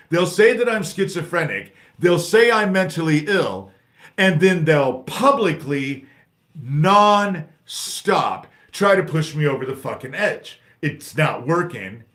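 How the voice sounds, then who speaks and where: An American man hosts a livestream, ranting angrily and swearing heavily while jumping between topics and reading the chat aloud. He's agitated, with a slightly high voice and a fairly bright tone.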